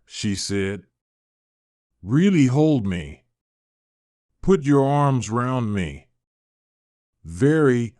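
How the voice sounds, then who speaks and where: A man reading a story aloud slowly and clearly for English learners, in a calm, carefully paced narration. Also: medium pitch, no room sound, studio quality.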